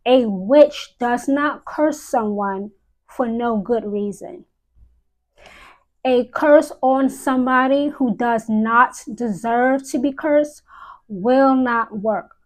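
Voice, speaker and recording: A woman speaking as a high priestess on a live stream, solemn and deliberate, repeating key phrases for emphasis. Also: rough recording. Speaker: witch giving a live-stream talk.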